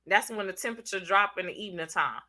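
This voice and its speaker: A woman's voice: medium pitch, fast, pushed and bright. A congested woman with a Southern US accent, hosting a casual live stream, chatting in slang and teasing viewers by name. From Southern United States. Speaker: channel host reading live chat.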